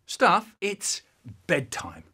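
A man telling a comic nonsense story, swinging between loud outbursts and quiet mutters. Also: huge pitch swings, drawn-out words, breathy edge. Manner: wildly swinging pitch and loudness, sudden shouts. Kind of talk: comic monologue, remixed.

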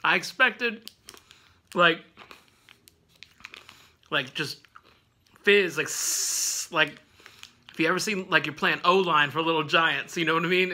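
A man's voice: fairly high pitch, pushed and bright. A man hosting a casual snack review vlog at home, rambling with lots of fillers and laughing often.

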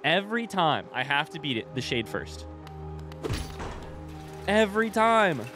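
Excitable young man streaming a game. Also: on the high side, a little slow. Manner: excitable, swears and yelps when hit, reads chat aloud. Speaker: streamer playing a video game. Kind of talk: live game stream commentary. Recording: game music behind voice. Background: game music.

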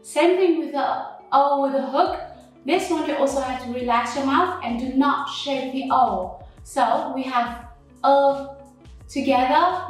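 Woman language teacher, high voice, slow deliberate delivery, very echoey room with faint background music. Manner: slow, careful, models pronunciation. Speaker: Vietnamese teacher. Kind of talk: language lesson to camera.

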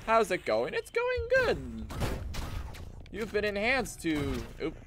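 A man voicing a chipper, overly polite cloned lab worker in a squeaky falsetto. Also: wildly swooping pitch, slow pace, noisy background, exaggerated voice. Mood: prim cheerful.

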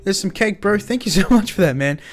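A young man hosting an improvised game roleplay, talking in an excitable, slangy way and swinging between loud cheers and low mutters. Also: brisk. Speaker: roleplay host. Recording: faint music behind.

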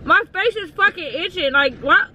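High-voiced woman swearing inside a car. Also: animated, moderate pace. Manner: heavy swearing, upset and complaining. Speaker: prank channel co-host. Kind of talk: casual argument. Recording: dull lo-fi sound, loud car noise.

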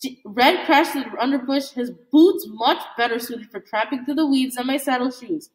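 A woman reading a novel aloud in a halting way, with slips and restarts. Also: high-pitched. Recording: echoey room.

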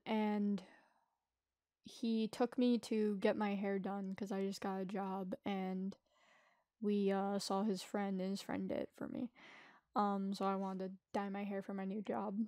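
A woman's voice: medium pitch, mellow, no room sound, clean studio sound. A woman telling a painful personal story, hesitant and emotional, often stopping and restarting her sentences. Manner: halting, hesitant, many restarts. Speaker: vlogger.

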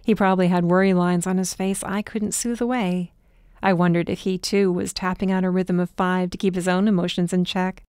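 A woman narrating a first-person audiobook in a measured, even way. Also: lowish voice, smooth, dry recording, studio quality.

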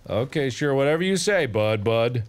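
A man in his thirties streaming a game, bantering and teasing his co-player with loud outbursts. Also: mid-range voice, lively intonation, moderate pace, clear, resonant tone. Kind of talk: casual gaming banter.

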